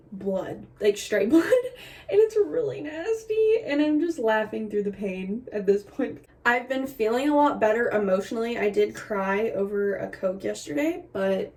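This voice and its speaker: A woman's voice: medium pitch, darkish tone. A young woman giving a candid, chatty pregnancy update to a camera on a tripod at home, laughing through her complaints and a little short of breath. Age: young adult. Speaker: vlogger. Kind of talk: casual pregnancy update vlog. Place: indoors at home.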